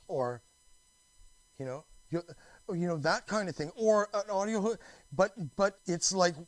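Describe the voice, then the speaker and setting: A man's voice: sits high, animated, slow, no echo, rough recording. A man from Canada talking in a rambling, restless monologue, full of restarts, fillers and swearing. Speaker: vlogger.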